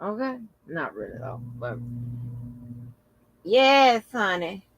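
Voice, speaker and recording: A man running his own channel chats directly with viewers, calling them y'all, swearing freely and exclaiming often in casual vlog commentary. His voice is a little high, expressive, slow and fairly bright, and the recording quality is low.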